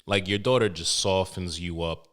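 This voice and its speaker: A man's voice: sits low, moderate pace, fairly bright tone. A young man hosting a podcast, rambling through an emotional, profane story with many restarts. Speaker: podcast host. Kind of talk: casual podcast monologue.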